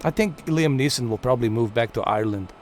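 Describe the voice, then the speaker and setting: A man's voice: mid-range voice, lively intonation, quick pace, darkish tone, a little hiss or hum. A man streaming a flight game, giving chatty, playful live commentary to his viewers. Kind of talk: casual gameplay commentary.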